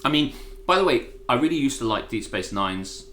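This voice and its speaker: Animated, sweary man ranting in a roomy space. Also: mid-range voice, moderate pace. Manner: animated, sweary, ranty storytelling. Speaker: co-host. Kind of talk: casual ranting chat on a live stream.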